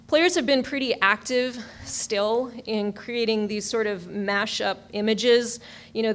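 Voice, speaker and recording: A woman lecturing at a conference, talking casually about her research with frequent ums and you-knows. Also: medium pitch. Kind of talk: academic conference talk.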